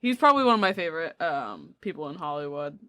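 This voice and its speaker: A woman in her twenties co-hosts a podcast in casual, enthusiastic chat and swears freely. Her voice is bright and a little sharp, and it sounds close and dry with no room echo. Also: low voice, sing-song, fast. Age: 20s. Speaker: podcast co-host.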